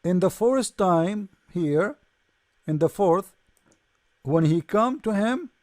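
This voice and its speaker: Male host, high voice, dry close sound, sarcastic and mocking, frequent restarts. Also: animated, slow, a little mellow, no echo. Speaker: debate show host. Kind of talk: polemical commentary reading from a screen.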